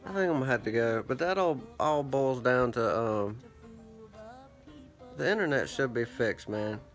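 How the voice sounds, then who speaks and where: A man's voice: mid-range voice, moderate pace, faint music behind. Rambling, cursing man telling a story. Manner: rambling, profane, self-mocking storytelling. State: parched throat. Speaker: vlogger. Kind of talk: rambling casual monologue.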